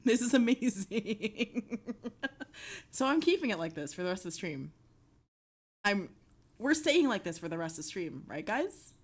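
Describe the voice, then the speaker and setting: A young woman streaming live, chatting casually and excitably, swearing often. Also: lowish voice, normal speed. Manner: excitable, swearing, breaks into shrieks and laughter.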